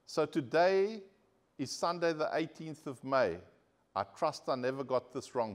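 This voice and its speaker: A male pastor preaching a sermon to his congregation, earnest and direct, asking the people for an amen. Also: mid-range voice. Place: church.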